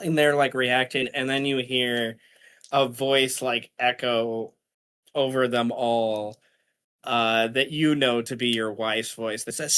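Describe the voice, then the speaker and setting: A man's voice: medium pitch, fairly even intonation, a little slow, a bit bright, smooth. A man narrating a tabletop role-playing game as game master, rambling with many fillers and restarts.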